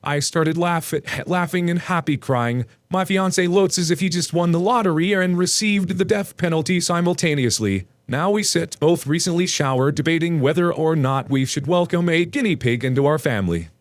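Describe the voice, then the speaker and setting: A man's voice: a little high, normal speed, few pauses, dry recording, studio quality. A man reading Reddit stories aloud and breaking off into rambling, self-mocking asides. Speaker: Reddit story reader.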